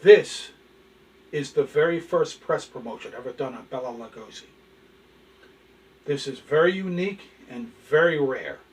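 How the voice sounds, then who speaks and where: A man's voice: medium pitch, animated, normal speed, long pauses. A male show host telling corny jokes and showing collectibles in a folksy, chatty way. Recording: distant from the mic.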